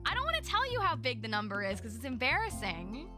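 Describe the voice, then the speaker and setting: A young adult woman livestreamer in casual chat with her viewers, effusive and quick to laugh. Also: sits high, wildly swooping pitch. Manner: chatty and effusive, laughs often. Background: music playing behind.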